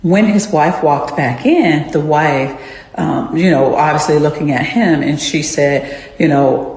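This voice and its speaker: A woman's voice: deep voice, a little slow, a little mellow. A woman who works in a care facility, earnestly telling a story from her job. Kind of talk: storytelling clip. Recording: echoey room with long reverb.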